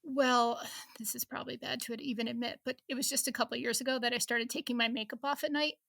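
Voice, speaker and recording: A woman's voice: a little high, steady tone, fast, vocal fry, pushed and bright, no echo, clean studio sound. A woman in her fifties, a reporter chatting as an interview guest, laughing often and restarting her sentences. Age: 50s. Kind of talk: casual interview chat.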